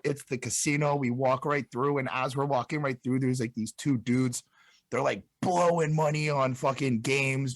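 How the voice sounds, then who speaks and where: A young man from Montreal's South Shore, speaking in a mid-range voice, appears as an interview guest and tells a rambling, profane party story in a casual way. There's no echo on the recording.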